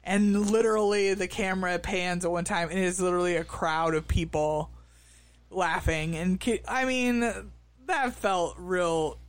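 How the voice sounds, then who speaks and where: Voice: medium pitch, steady tone, measured pace, no echo. A podcast co-host casually recapping a reality show, full of fillers and restarts. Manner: hesitant, many fillers and restarts.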